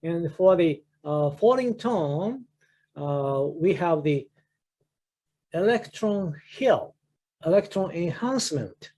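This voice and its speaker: A man in his sixties with a Japanese accent delivers an academic seminar talk, pausing often with fillers and restarting phrases. His voice sits fairly high yet sounds mellow and dark. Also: animated. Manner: halting, many "uh" fillers and restarts. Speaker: professor giving a research seminar. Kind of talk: academic lecture.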